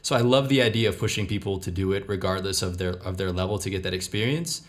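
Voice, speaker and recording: A man hosting a podcast, introducing his guest and talking in a measured, reflective way. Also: low voice. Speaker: podcast host. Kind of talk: podcast intro and interview chat.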